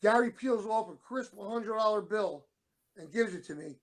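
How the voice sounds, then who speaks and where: Gravelly high-voiced man telling stories. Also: moderate pace. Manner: rambling anecdotes, acts out quoted dialogue. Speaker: show co-host, former wrestler. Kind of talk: casual storytelling.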